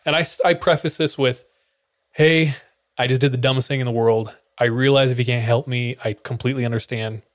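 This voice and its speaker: A young man recounts a story as a podcast co-host, with animated delivery. He breaks into quick voices and sound effects for the people in it. The talk is loose and casual. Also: medium pitch, no echo, studio quality. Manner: animated, acts out quotes with sound effects and laughs.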